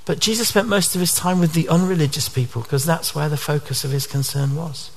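Rhetorical questions keep drawing the audience into this earnest sermon from a male preacher whose voice sits a bit above average male pitch. He talks fairly quickly with a creaky quality, and there's a slight hiss or hum in the recording.

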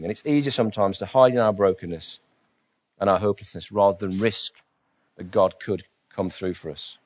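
A man preaching a sermon, earnest, asking rhetorical questions and softly voicing inner doubts. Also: lowish voice, normal speed.

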